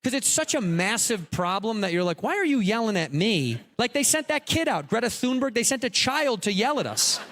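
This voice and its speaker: A man's voice: extremely high pitch, sing-song, fairly quick, hardly any pauses, bright, forceful tone. A man doing stand-up comedy in a casual, exasperated ranting manner.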